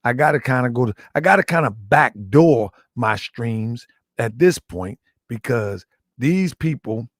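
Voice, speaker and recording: A slightly hoarse man hosting a livestream, talking casually and muttering asides as he sets things up. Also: mid-range voice, animated, unhurried, dry recording, studio quality. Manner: chatty, repetitive, muttering asides while setting up. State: slightly hoarse, lost some voice. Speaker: livestream host.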